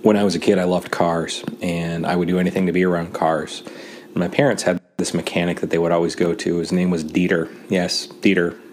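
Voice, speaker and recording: A man from Montana telling a wry personal anecdote in a relaxed way, with pauses and fillers. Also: low voice, a little hiss or hum. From Great Falls, Montana, USA. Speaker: storyteller.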